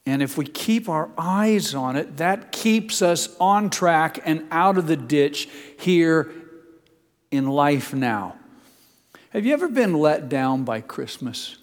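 An older man preaching a sermon as a pastor. He tells folksy personal stories and builds to emphatic high points. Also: lively intonation, slow, big-room sound. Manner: storytelling, folksy asides, builds to emphatic peaks.

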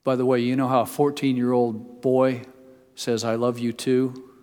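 An older male pastor preaching a storytelling sermon. His voice sits in a middle pitch, and the long reverb of a church hall trails each phrase. He moves from homely asides into rising, emphatic peaks. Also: little pitch movement, normal speed, a little mellow, smooth.

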